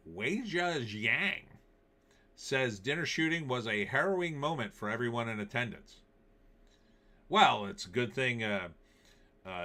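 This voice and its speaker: A show host with a lowish, sharp-toned voice offers casual political and movie commentary. He's sarcastic and rambling, with frequent fillers.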